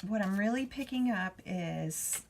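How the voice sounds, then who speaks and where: A woman's voice: medium pitch, expressive, measured pace, background noise. A woman giving a spiritual card reading, talking to the viewer in a chatty, reassuring way. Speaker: tarot reader.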